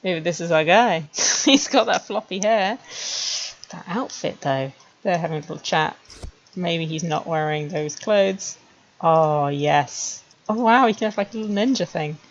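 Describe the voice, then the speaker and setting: Low gravelly woman streamer. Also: measured pace, highs cut off. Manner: chatty, wry, laughing at herself. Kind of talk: casual commentary while making a 3D animation.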